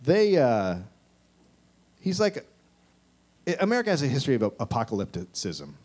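A man in his forties doing a rambling, profane stand-up set, with shouted mocking impressions. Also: mid-range voice, huge pitch swings, normal speed. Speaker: stand-up comedian. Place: comedy club stage with live audience.

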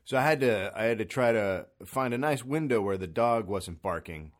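A man hosting a podcast alone at home, ranting comically in an exasperated, profane way with sudden loud bursts. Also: fairly low pitch, animated, normal speed. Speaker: podcast host. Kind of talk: solo comedic rant. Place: son's room in an apartment. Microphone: studio microphone.

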